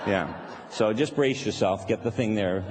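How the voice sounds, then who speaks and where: A man's voice: on the low side, moderate pace, crowd noise. A man giving a playful live workshop talk to an audience, laughing now and then and acting out little voices as he speaks. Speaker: seminar speaker. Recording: live hall recording with reverb.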